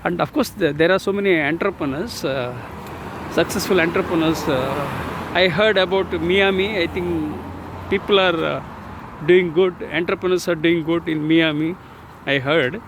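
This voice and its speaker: A man in his sixties vlogging while he walks along city streets, speaking slowly and haltingly with many fillers and repeated words, recorded on a phone he holds in his hand. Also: on the high side. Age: 60s. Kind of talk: casual walking vlog. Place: outdoors on city streets with traffic. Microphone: phone held in hand while walking. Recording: street traffic noise on a phone. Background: traffic and street noise.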